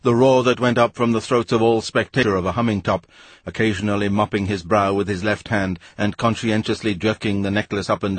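Husky low-voiced male audiobook narrator. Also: dry recording. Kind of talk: storybook narration.

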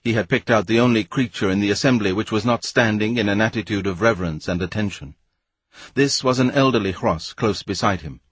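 A man narrating a novel in a wry, measured reading voice. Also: on the low side, husky, no room sound. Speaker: audiobook narrator. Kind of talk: storybook narration.

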